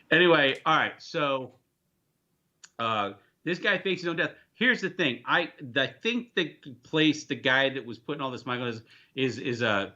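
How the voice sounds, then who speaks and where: Man, livestream host, rambling, jokey, bright voice, dull lo-fi audio. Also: mid-range voice. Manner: rambling, jokey, reads viewer comments aloud. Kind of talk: casual livestream chat.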